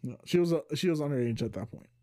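A man's voice: on the high side, very fast, mellow. A man co-hosting a podcast, chatting casually, swearing freely and bringing up each new topic. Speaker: podcast co-host. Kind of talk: casual chat.

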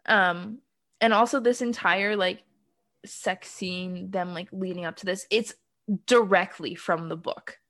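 A woman's voice: mid-range voice, steady tone, a little slow, fairly bright tone. A woman co-hosting a casual chat, recapping a film plot with frequent ums and laughs. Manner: laughs often, many ums. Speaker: podcast co-host.

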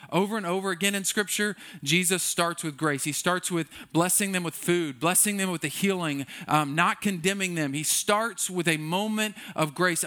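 Man, pastor, preaching; bright, slightly high voice; casual and joking delivery. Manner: conversational, joking, acts out quoted voices. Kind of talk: sermon.

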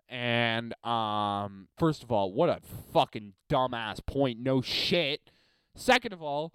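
A man's voice: mid-range voice, lively intonation, takes it slowly, clean tone, no room sound. Profane young man ranting on a podcast. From Montreal, Canada. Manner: profane, ranting, swings loud and quiet. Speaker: podcast host. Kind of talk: solo podcast rant.

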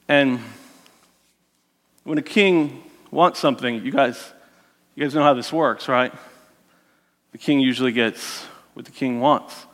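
A man preaching a sermon as a lively story, acting out the characters' voices and adding joking asides. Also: fairly high pitch, normal speed, in a large hall. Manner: animated, voices the characters, self-mocking asides.

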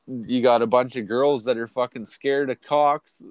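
A man's voice: medium pitch, steady tone, a little slow, no room sound. A middle-aged man hosting a podcast, rambling through crude, profane stories in casual chat. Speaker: podcast host.

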